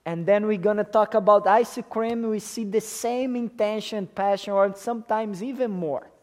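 A man's voice: high voice, moderate pace. A man preaching a sermon to a congregation in an emphatic way, often checking in with them by asking questions. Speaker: pastor.

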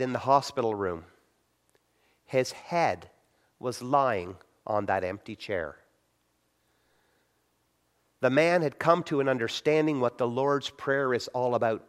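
A middle-aged male pastor giving a conversational sermon on prayer, acting out short quotes as he tells stories. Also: medium pitch. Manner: conversational preaching with acted-out quotes.

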